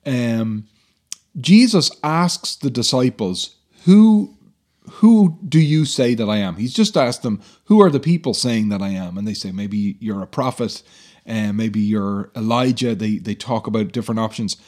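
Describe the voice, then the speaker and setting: A man's voice: lowish voice, expressive, moderate pace. A man co-hosting a Bible discussion, explaining passages in an earnest, teacherly way with frequent fillers.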